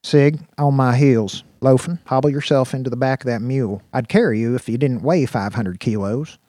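A man's voice: medium pitch, normal speed, warm tone, no room sound, natural voice. A folksy, commanding man leading a pack of cyborg dogs, as an actor plays him, with a drawl and a mid-range voice. The voice is recorded dry and close, audiobook style.

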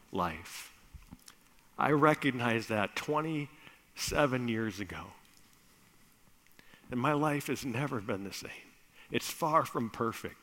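A man preaching a conversational sermon that builds to loud, emphatic bursts. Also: mid-range voice. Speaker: pastor. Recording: echoey hall.

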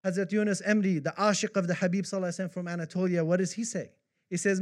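Man, high-pitched, impassioned, devotional sermon. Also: animated, very fast, darkish tone. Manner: impassioned, rising to fervent recitation of poetry. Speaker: preacher.

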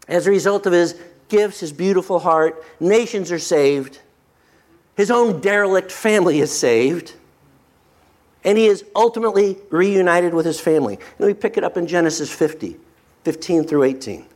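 Brief: male pastor, slightly high pitch, emphatic delivery that drops to a hush. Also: moderate pace. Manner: emphatic, swings from animated to hushed. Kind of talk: sermon.

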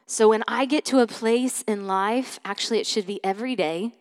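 Woman pastor, sermon, casual storytelling, somewhat high voice, swings loud to whispered. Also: normal speed, long reverb tail. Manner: conversational storytelling with many fillers.

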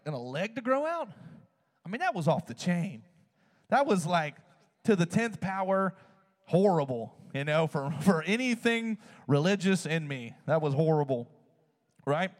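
A man preaching in a casual, animated storytelling way. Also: on the high side. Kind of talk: sermon storytelling. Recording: long hall reverb.

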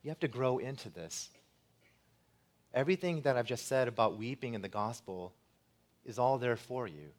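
A man preaching a sermon as pastor, earnest and building to loud, emphatic passages. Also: mid-range voice, normal speed, pauses often.

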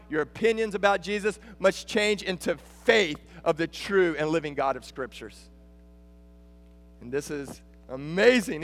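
High-voiced Texan man preaching a sermon. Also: in a large hall. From Texas. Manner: animated, rising to emphatic calls. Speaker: guest preacher. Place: church sanctuary.

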